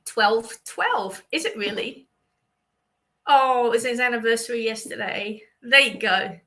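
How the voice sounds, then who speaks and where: A woman's voice: a little high, a little slow, sharp tone, low-quality recording. An Australian woman, a psychic medium, chatting through a livestream reading for viewers with many fillers and a reassuring manner.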